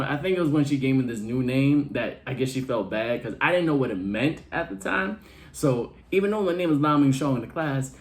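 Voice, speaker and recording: A man doing a brash, slangy stand-up comedy set for an online show. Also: on the high side.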